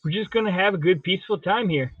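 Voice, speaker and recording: A man's voice: high voice, fast talker, slightly rough, dry recording. A man hosting a live drawing stream, chatting casually and playfully while he answers viewer comments. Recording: dull, dry lo-fi stream audio.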